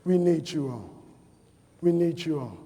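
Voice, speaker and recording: A motivational speaker in his forties from New Orleans, USA, addresses students, telling stories with emphatic repetition. His fairly high voice is animated, unhurried, mellow and husky, with the long reverb of a large hall.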